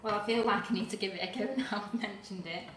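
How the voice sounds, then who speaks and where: A woman's voice: mid-range voice, fast. A woman hosting a live cooking demo, talking casually while stirring, at times a little out of breath. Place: home kitchen. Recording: echoey kitchen with noise.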